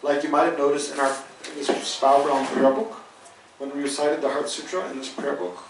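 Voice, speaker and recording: A man's voice: a little high, steady tone, a little fast, background noise. A man teaching a Buddhist study class, patiently thinking aloud and restarting his sentences often. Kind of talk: dharma class lecture. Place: teaching hall. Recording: roomy hall, mic at a distance.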